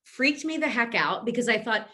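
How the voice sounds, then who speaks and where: Bright-voiced chatty middle-aged woman. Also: a little high, lively intonation, moderate pace. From Philadelphia. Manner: chatty, lots of fillers and restarts. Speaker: guest medium and intuitive. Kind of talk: casual interview answers.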